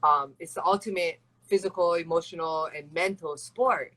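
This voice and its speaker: A woman's voice: fairly low pitch, moderate pace, fairly bright tone, poor audio. A young woman from Hawaii, a fighter chatting in an interview with a rambling, casual flow. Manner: chatty and rambling, full of "like" and "you know". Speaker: MMA fighter and guest.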